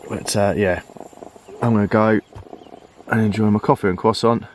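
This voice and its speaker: A man chatting casually to camera while fishing outdoors, relaxed and easygoing, calling his friend mate. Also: on the low side, normal speed, a little hiss or hum. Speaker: vlogger and angler. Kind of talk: casual fishing vlog chat. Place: lakeside fishing swim outdoors.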